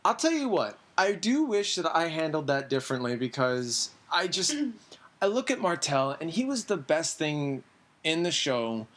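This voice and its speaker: A man hosting a casual podcast, rambling and excitable, acting out the scenes he retells. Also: moderate pace. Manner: excitable, acts out scenes with sudden jumps in pitch; rambling, many fillers. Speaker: podcast host. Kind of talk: casual TV recap chat.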